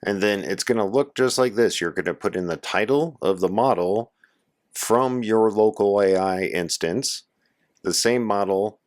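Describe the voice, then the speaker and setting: Hoarse low-voiced man giving a tech tutorial. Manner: casual, instructive, addresses viewers as guys. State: hoarse from a cold. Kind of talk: screen-share tutorial walkthrough.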